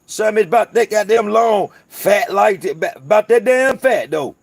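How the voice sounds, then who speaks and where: This host from North Carolina speaks at a normal speed in a high, expressive voice with vocal fry, with no room sound in the audio. Southern-accented and foul-mouthed, he chats casually with his livestream viewers while rambling through stories.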